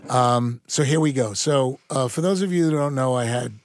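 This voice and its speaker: A man's voice: medium pitch, normal speed, no room sound, clean studio sound. A middle-aged man co-hosting a casual chat, teasing and wisecracking, then explaining with expert confidence. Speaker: co-host.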